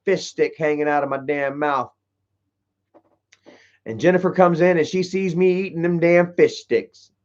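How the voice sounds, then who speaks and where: A man's voice: a little high, unhurried, pauses often, a little mellow, lo-fi sound. A man hosting a livestream, telling rambling stories full of swearing, peppered with "you know" and "bro". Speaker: livestream host answering chat. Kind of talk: casual profane storytelling.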